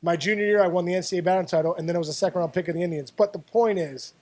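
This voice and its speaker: A man's voice: high-pitched, rapid-fire. A man from the Pittsburgh area, a former baseball player, telling stories as a guest in an interview, full of repeats and restarts. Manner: animated storyteller, repeats words and restarts. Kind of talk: storytelling interview.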